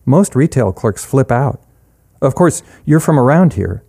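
Brief: a man voicing a young woman, teasing and dry, pitched up, mellow tone. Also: animated, unhurried, creaky, breathy edge, exaggerated voice. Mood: wry. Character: weary young woman, wry, restless drifter.

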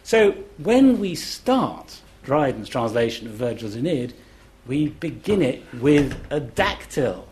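A man's voice: medium pitch, very animated, a little slow, a little mellow, slight background noise. A middle-aged man giving a lecture-style talk as a classics scholar on a festival panel. He is enthusiastic and chants rhythms aloud in syllables to show them. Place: live event, indoors.

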